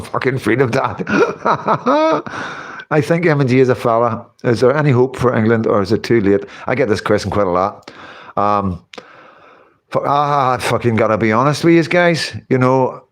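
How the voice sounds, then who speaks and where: A man's voice: mid-range voice, very animated, moderate pace, a bit bright. Chatty man rambling on a livestream. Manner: rambling, chatty, laughs often. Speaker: livestream host reading chat. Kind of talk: casual livestream chat.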